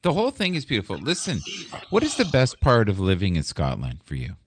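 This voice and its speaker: A man's voice: on the low side, wildly swooping pitch, a little fast, noisy background. A man from Canada hosting a casual video call interview, playful and teasing. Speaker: host.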